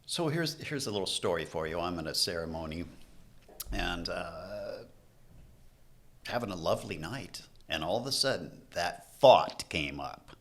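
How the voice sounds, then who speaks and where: A man's voice: sits low, sing-song, measured pace. A man who is a podcast guest, telling a personal story in casual conversation and acting out his own past lines.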